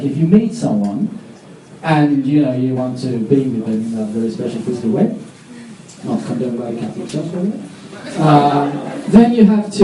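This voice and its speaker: A man doing a live stand-up set on a comedy club stage, rambling with self-mocking, deadpan asides. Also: fairly high pitch. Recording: echoey club, distant mic, audience.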